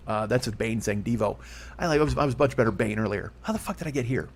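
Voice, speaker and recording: A man's voice: mid-range voice, animated, fast talker, creaky, breathy edge. A man in his fifties hosting a solo comedy podcast, rambling and profane with a self-mocking streak. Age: 50s.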